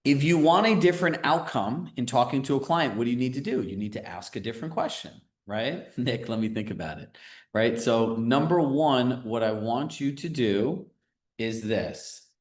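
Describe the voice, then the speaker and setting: A man coaching a group live on a video call, talking in a casual, energetic way and often checking in with "right?". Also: medium pitch, normal speed, roomy sound. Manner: energetic, conversational, filler-heavy with frequent "right?". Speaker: real estate business coach.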